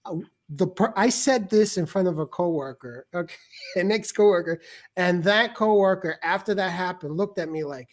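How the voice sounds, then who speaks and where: A man hosting a video-call open mic, telling stand-up stories in a casual, animated way, laughing often and swearing freely. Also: high voice, normal speed. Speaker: host and stand-up comedian.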